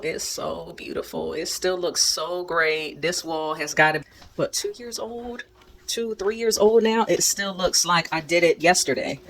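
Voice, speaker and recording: A woman hosting a DIY channel, telling stories and chatting to camera at home in a candid, animated, slangy way, cheering her viewers on. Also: fairly low pitch, a little hiss or hum. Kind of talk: casual storytime chat to camera. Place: at home, moving between rooms.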